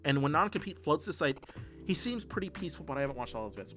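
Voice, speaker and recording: A man's voice: a little high, big pitch swings, fast talker, a bit bright, soft background music. Profane ranting man streamer. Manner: heated, profane, ranting with many restarts. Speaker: political streamer. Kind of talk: livestream commentary, reading chat.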